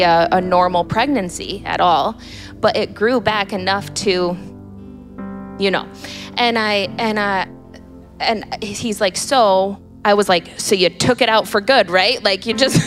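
A woman in her thirties telling a candid personal faith story. She laughs often and restarts her sentences. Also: medium pitch. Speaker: guest sharing a personal story.

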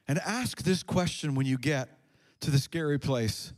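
A man preaching in a church before his congregation, with a fairly high-pitched voice. He is impassioned, swelling to fervent peaks, and he often repeats words and restarts his sentences as he presses his point. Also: a little slow, some chatter behind. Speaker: pastor. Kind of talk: sermon.

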